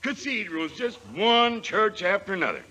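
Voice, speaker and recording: A whooping jovial Western rancher. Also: male voice, high voice, lively intonation, normal speed. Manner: folksy slang and loud chuckles. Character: jovial, boastful middle-aged male Western rancher. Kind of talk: 1940s radio acting.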